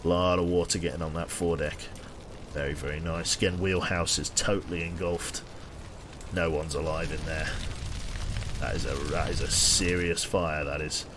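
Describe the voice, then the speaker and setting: A man's voice: sits low, fairly even intonation, moderate pace, noisy background. A man giving dry, sardonic live commentary on his gameplay and chatting with viewers, swearing casually along the way. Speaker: game streamer.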